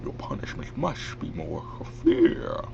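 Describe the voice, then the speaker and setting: A man voicing a menacing masked male villain in a breathy, muffled whisper, with slow, heavy delivery. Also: low-pitched, wildly swooping pitch, a little mellow, a little hiss or hum, voice pushed down, heavily acted. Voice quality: breathy, whispered, muffled through a clamped nose.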